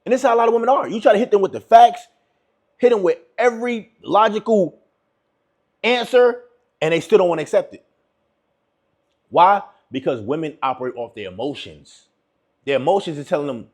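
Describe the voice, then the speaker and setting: Husky high-voiced man giving advice. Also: a little fast, pauses often. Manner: preachy, repetitive, acts out quotes. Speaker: relationship advice host. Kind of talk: commentary on a clip.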